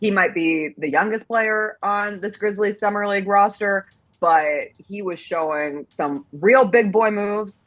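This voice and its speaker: A woman's voice: mid-range voice, a little slow, phone-quality sound. A woman hosting a sports talk show, chatting casually with playful, dramatic outrage.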